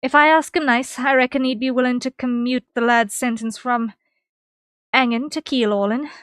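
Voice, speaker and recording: Hearty, teasing tavern keeper with an Irish lilt, loud and booming, a woman putting him on for a game read-along, dry close sound. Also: steady tone, moderate pace, clear, resonant tone, no room sound, close to an everyday voice. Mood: gruff, jovial. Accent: Irish-style lilt. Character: jovial roguish middle-aged male tavern keeper. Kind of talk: reading game dialogue aloud.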